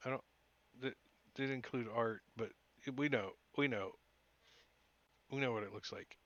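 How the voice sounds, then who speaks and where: A man's voice: mid-range voice, a little slow, fairly bright tone, no room sound. A man narrating as game master of a tabletop game, rambling with many fillers and restarts. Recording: dull lo-fi audio.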